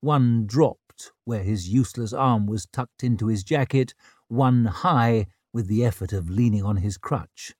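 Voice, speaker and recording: A man narrating an audiobook with a slow, unhurried delivery and a mid-range voice. He reads steadily into a close studio mic. The recording is dry, with no room sound at all. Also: medium pitch, darkish tone, dry recording.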